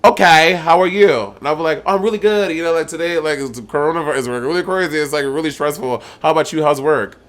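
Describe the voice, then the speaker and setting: A young man co-hosting a casual podcast, chatty and profane. His voice sits a little high, and he jumps into squeaky impressions of other people as he tells stories. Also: fast, hardly any pauses. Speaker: podcast co-host. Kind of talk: casual chat.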